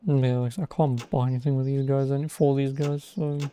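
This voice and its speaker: A man's voice: mid-range voice, level tone, fairly quick, mellow, slight background noise. A man giving casual, sarcastic gameplay commentary as a streamer. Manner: wry, sarcastic. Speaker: let's play streamer.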